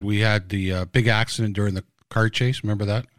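A man's voice: on the low side, steady tone, fast talker, no echo, clean studio sound. A man casually recalling how his TV series was made, blunt and swearing freely as he tells the stories. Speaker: TV series creator. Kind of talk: casual reminiscing chat.

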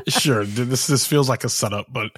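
A man's voice: medium pitch, moderate pace, a bit bright, husky, dry recording, studio quality. A man co-hosting a podcast, chatting casually about a TV episode, laughing often and tossing in jokey asides. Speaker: podcast co-host. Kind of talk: casual chat recapping a TV episode.

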